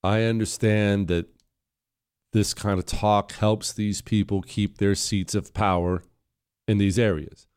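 Man hosting an opinion show, lowish voice, scornful and sarcastic. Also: flat delivery, a little slow, a little mellow, smooth. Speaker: political commentary host. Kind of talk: opinion commentary.

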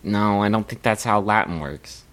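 A man's voice: on the low side, normal speed, fairly bright tone. A man co-hosting a comedy podcast, riffing and joking with casual profanity. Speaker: podcast co-host.

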